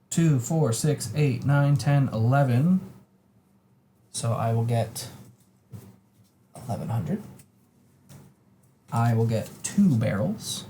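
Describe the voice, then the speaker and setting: Mellow-voiced dude walking thru his board game turn, jokey, a bit of room hum. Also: mid-range voice, expressive, normal speed, long pauses. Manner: narrates his own moves step by step, jokey. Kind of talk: casual tabletop game play.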